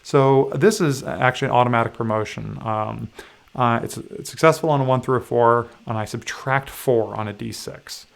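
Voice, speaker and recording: A man with a gravelly, creaky voice talks through the rules of a board game he is playing on a livestream. He pauses often with fillers and pokes fun at himself as he checks the rulebook. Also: mid-range voice. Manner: halting, many fillers, self-deprecating asides. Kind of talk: casual rules walkthrough.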